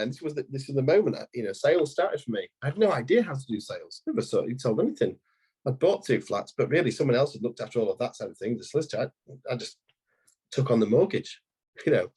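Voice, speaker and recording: A man's voice: mid-range voice, expressive, fast, a little mellow, slightly rough. A man in his thirties, an estate agency owner, telling a long anecdote in a podcast interview, rambling with frequent restarts.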